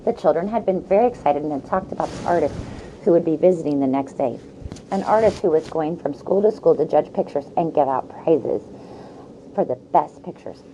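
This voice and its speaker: Teacher reading a chapter book aloud; low-pitched woman, warm, gentle storytelling pace. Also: lively intonation, slight background noise, rough recording. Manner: slow, gentle storytelling with asides to the class.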